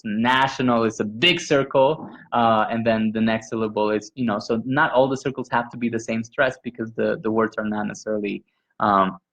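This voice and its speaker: A man leads a teachers' workshop in a patient, explanatory way, pausing often on fillers. His voice sits at an ordinary pitch for a man. The recording sounds slightly dull and muffled. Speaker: pronunciation workshop leader. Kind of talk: teaching conversation.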